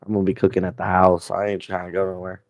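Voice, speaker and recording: A man's voice: low-pitched, completely flat delivery, quick pace, no room sound. A man co-hosting a crude comedy podcast, talking bluntly and profanely in a laid-back way. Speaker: podcast co-host. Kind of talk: crude casual banter.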